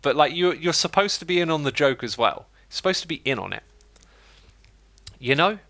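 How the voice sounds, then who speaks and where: Bright-voiced chatty man. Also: on the high side, animated, fairly quick, dry recording. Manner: rambling, chatty, lots of fillers. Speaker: streamer. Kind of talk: casual livestream chat.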